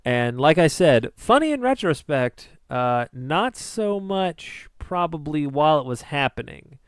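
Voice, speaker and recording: A man's voice: on the high side, a little slow, clean tone, no room sound, clean studio sound. A young man casually telling a story from his own life, swearing often and mocking himself. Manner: profane, self-mocking, animated retelling. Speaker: vlogger.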